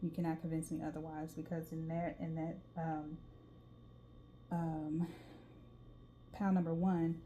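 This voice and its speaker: A woman's voice: low-pitched, flat delivery, unhurried, long pauses, mellow. A woman with a Southern US drawl giving a casual tarot reading, chatty and reading card texts aloud. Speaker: tarot reader. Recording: faint background noise.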